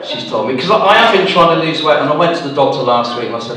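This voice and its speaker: A man's voice: medium pitch, animated, racing, few pauses, bright, forceful tone, a little hiss or hum. A middle-aged man from Gloucester with a Gloucestershire accent doing a rambling, self-deprecating stand-up routine. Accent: Gloucestershire English. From Gloucester, England. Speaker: stand-up comedian. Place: village hall stage. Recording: very echoey hall, mic from a distance.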